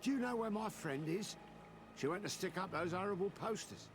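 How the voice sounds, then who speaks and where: A man's voice: sits high, animated, a little fast. Fretful rescued townsman. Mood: relieved. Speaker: freed townsman in a video game. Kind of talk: video game dialogue. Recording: game audio with ambient noise.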